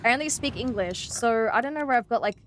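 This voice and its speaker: A woman's voice: a little high, expressive, fast, fairly bright tone, soft background music. A young woman with an Australian accent, some of her R's sounding a little American, chatting casually and rambling while she streams a game. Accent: Australian, with slightly American-sounding R's. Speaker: VTuber streamer. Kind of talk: casual gameplay chat.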